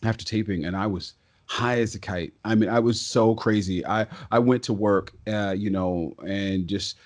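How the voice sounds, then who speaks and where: A man with a lowish voice tells stories as a podcast guest. He is talkative and excitable, with quick bursts and frequent restarts. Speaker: guest, stage and voice actor. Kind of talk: casual podcast interview storytelling.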